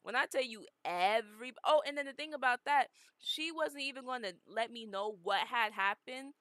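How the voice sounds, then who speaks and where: A young woman streaming and telling a story in a casual, animated, emphatic way. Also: fairly high pitch, normal speed, no room sound. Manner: animated, emphatic, dramatic retelling.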